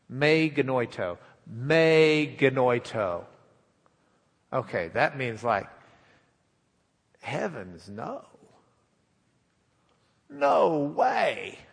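A man preaching a sermon in a folksy, animated, joking way in a church sanctuary. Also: medium pitch, gravelly, breathy edge, long reverb tail.

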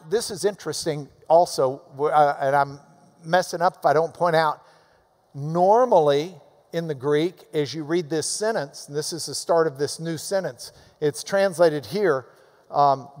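A man preaching a sermon in a church. He talks emphatically, swinging between loud urging and quiet asides. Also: a little high. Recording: long reverb of a large hall.

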